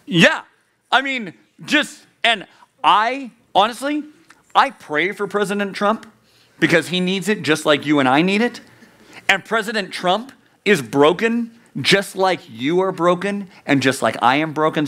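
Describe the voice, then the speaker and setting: A man's voice: high-pitched, expressive, measured pace, sharp tone. A man preaching a youth sermon, earnest and conversational, asking the listeners rhetorical questions. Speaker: youth pastor.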